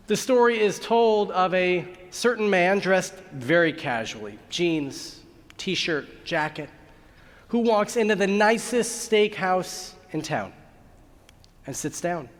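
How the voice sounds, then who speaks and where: A man's voice: sits high, expressive, measured pace. A man who is a rabbi, giving a sermon and telling a joke as a story, acting out the voices of its characters. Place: large synagogue sanctuary. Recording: long hall reverb.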